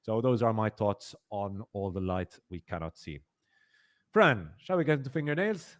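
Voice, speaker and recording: A man's voice: lowish voice, expressive, normal speed. A man hosting a podcast, reviewing a series in casual chat, rambling with many fillers and repeats and emphatic complaints. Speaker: podcast host.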